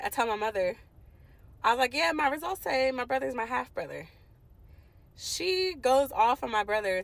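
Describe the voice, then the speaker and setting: A woman's voice: mid-range voice, fairly bright tone, rough recording. A woman in her late twenties from the Washington DC area, telling a personal story to her viewers in an emphatic, indignant way. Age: late 20s. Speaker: vlogger. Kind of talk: storytime vlog, talking to viewers.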